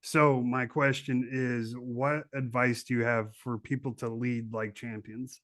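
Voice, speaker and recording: A man's voice: medium pitch, little pitch movement, measured pace, fairly bright tone. A man hosting a podcast interview, upbeat and joking, laughing easily. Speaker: podcast host. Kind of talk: casual interview chat.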